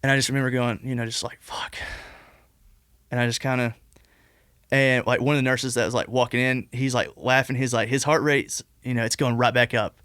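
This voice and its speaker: A man's voice: mid-range voice, level tone, fairly quick, a bit bright, clean tone, no room sound, clean studio sound. A man in his twenties, a podcast guest telling a long personal story in a casual, rambling way, full of "like" and restarts. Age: 20s. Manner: rambling, heavy use of "like" and restarts.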